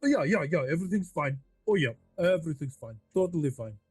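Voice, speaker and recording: Male player, flustered rambling delivery, slightly high, dry. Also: very animated, brisk, breathy edge, dry recording, soft background music. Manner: nervous, stammering, rambling in character. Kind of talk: in-character tabletop play.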